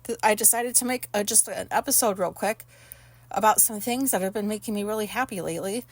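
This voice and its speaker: A woman's voice: medium pitch, brisk, dry recording. A woman in her thirties chatting casually from her bedroom, rambling and candid, with plenty of swearing. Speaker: podcast host. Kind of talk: casual personal chat. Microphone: phone.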